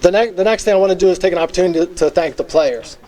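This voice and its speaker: Earnest middle-aged man, fairly high voice. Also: rapid-fire, darkish tone. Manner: earnest, reminiscing, many fillers. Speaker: hall of fame inductee, former teacher and football coach. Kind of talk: acceptance speech.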